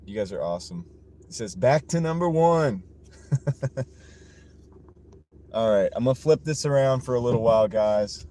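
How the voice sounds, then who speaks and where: A man's voice: mid-range voice, expressive, normal speed, pauses often, mellow. A man live-streaming from his car while he drives, chuckling often as he reads and answers viewer comments. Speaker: livestreaming delivery driver. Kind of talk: casual live-stream chat. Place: inside a car while driving. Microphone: wireless clip-on mini mic. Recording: road noise from the moving car.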